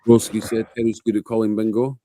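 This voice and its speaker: A man's voice: lowish voice, flat delivery, fast, warm tone. A man co-hosting a late-night chat, laid-back and sweary. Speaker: co-host.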